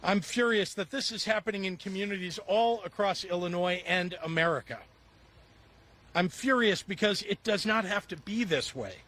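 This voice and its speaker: A man giving an emphatic public speech as a politician, measured and repeating phrases for stress. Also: sits high, fairly bright tone.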